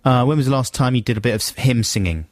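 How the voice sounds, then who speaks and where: Playful radio host, lively voice. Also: male voice, medium pitch, fast, no echo, studio quality. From England. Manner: playful, laughing, tries out silly accents. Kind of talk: casual comic radio chat. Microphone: studio mic.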